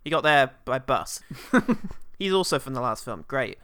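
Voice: medium pitch, very animated, unhurried, fairly bright tone, smooth, dry recording, clean studio sound. A podcast host recapping a film in a sarcastic, jokey way, laughing mid-sentence. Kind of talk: casual chat recapping films.

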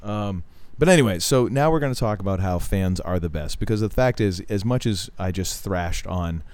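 A middle-aged man with a fairly low voice talks casually as a podcast co-host. He rambles from one story to the next, cracks jokes and laughs along the way. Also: animated, normal speed, darkish tone, clean tone. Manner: rambling, jokey, laughs while telling stories. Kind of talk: casual chat.

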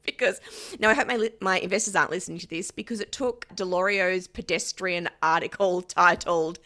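A woman's voice: lowish voice, brisk, pushed and bright. A woman co-hosting a podcast, explaining a story in a playful, self-mocking way. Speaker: podcast co-host. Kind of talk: casual chat, explaining a story.

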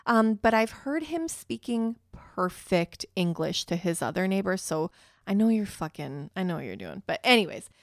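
A woman in her thirties telling a story in a casual, animated, dramatic way, swearing freely and saying "like" often. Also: medium pitch, no echo, clean studio sound.

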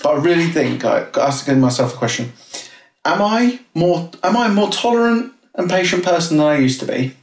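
A man's voice: fairly high pitch, expressive, fairly quick, reverberant, far from the mic. A man hosting a podcast in a laid-back, casual chat, laughing easily and swearing now and then. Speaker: podcast host.

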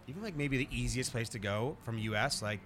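A man's voice: mid-range voice, fairly quick, fairly bright tone. A man hosting a podcast, bantering in a joking, laid-back way with lots of fillers. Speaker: podcast host. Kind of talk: casual podcast chat.

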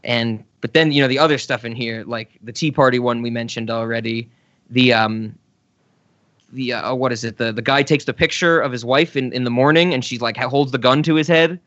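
A man co-hosting a podcast, chatting casually about comedy sketches, laughing often and letting his words trail off softly. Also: medium pitch, a little fast, no room sound, highs cut off. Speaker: podcast co-host. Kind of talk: casual chat reviewing sketches.

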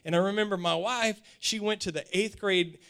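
A man's voice: high voice, steady tone, normal speed, fairly bright tone, smooth. A man in his forties preaching a sermon, telling stories with animation and often repeating words.

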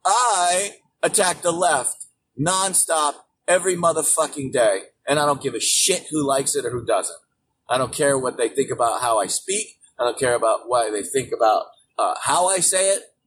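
A man hosting his own show, delivering an angry, profane political rant with frequent swearing and sudden shouted bursts. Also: mid-range voice, moderate pace. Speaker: show host. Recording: distant mic with faint background noise.

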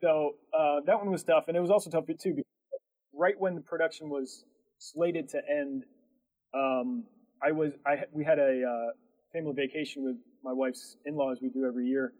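A man's voice: on the high side, fairly even intonation, moderate pace, darkish tone, low-quality recording. A man who runs a production company, telling a story in casual chat, rambling with lots of fillers and laughing as he goes.

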